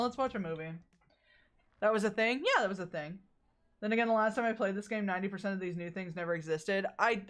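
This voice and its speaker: Woman streamer, casual gameplay chatter, jokey, reads game text aloud, soft game music behind. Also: mid-range voice.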